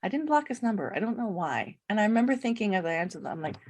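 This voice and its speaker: A woman's voice: on the low side, expressive, quick pace. A middle-aged woman, a podcast guest, telling her story in casual conversation, acting out quoted dialogue and laughing often.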